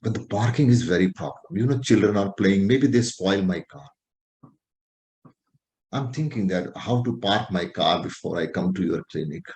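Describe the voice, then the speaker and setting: A man's voice: low voice, normal speed, darkish tone, voice pushed down. A man acting out a boastful, self-important male patient who shows off his wealth to his doctor. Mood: bragging. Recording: roomy echo.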